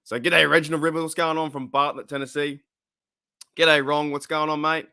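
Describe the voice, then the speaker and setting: A man's voice: fairly high pitch, little pitch movement, moderate pace, pushed and bright, clear, resonant tone, dry recording, studio quality. A man with an Australian accent hosting a casual live stream, rambling with lots of fillers as he greets viewers in the chat. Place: his room at home.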